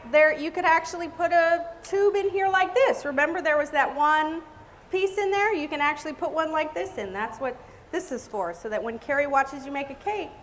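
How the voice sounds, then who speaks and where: Bubbly high-voiced woman teaching cake decorating. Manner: bubbly, chatty, exclamatory. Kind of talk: live cake decorating demonstration. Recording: reverberant hall with faint noise.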